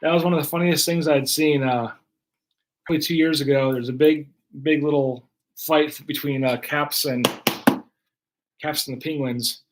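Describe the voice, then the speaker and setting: Casual male card-break streamer, slightly higher voice, loose running commentary. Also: steady tone, normal speed, slight background noise. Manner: chatty, running play-by-play of cards.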